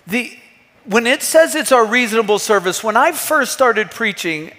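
A man's voice: extremely high pitch, animated, normal speed, sharp tone. A man in his thirties, a pastor, preaching an earnest, emphatic sermon with rhetorical questions. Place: church hall. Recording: long hall reverb.

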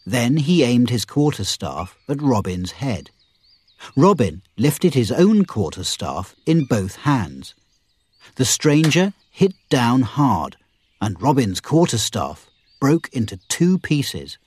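Slow, husky male storybook narrator. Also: medium pitch, sing-song, a little mellow, no echo. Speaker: audiobook narrator. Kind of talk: slow graded-reader narration.

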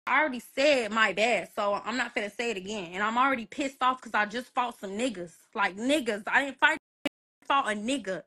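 A high-pitched young woman talks into her phone on a livestream, recounting events in a loose, casual way. She swears freely and jumps into the voices of everyone she quotes. It sounds like she's chatting from her bedroom. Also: a little fast. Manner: animated, profane, acts out quoted dialogue. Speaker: livestream host.

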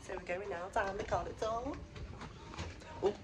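A young woman vlogging on a cruise ship, chatting to camera in a casual, laughing way with plenty of swearing. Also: mid-range voice. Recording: noisy background.

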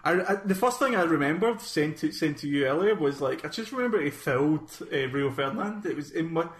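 A man from Scotland co-hosting a casual podcast chat, talking in halting bursts with many restarts. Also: a little high, expressive. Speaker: podcast co-host. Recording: roomy echo.

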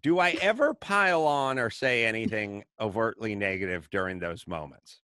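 Animated middle-aged man telling stories. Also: lowish voice, normal speed, smooth, dry recording, studio quality. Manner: animated, acts out voices in anecdotes. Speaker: podcast host. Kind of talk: casual comedic storytelling.

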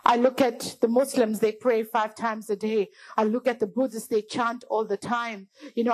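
A woman's voice: a little high, steady tone, normal speed, few pauses, low-quality recording. A woman preacher delivering a fervent sermon in a church, often calling out to the congregation as church.

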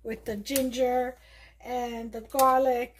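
A woman with a New York accent and a slightly high, husky voice hosts a casual cooking demonstration in her home kitchen. She speaks slowly and flatly, chatting and thinking out loud with plenty of fillers.

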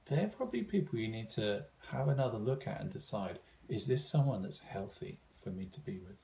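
A man's voice: mid-range voice, vocal fry. A man giving an informal seminar talk, thoughtful, with frequent fillers and restarts. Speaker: seminar speaker.

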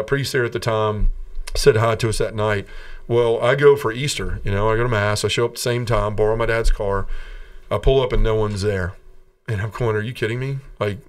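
A man's voice: on the low side, clear, resonant tone, distant mic. A middle-aged man from the American South giving a personal testimony in a podcast interview, storytelling earnestly and acting out the voices of the people in his story. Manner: earnest storytelling, acts out quoted voices, laughs between lines. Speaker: guest telling his conversion story.

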